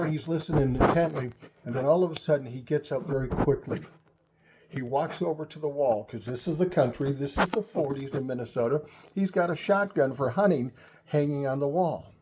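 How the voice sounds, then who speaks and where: A man's voice: on the high side, warm tone, husky, poor audio. An older man telling a family story in a casual, chatty, profane way.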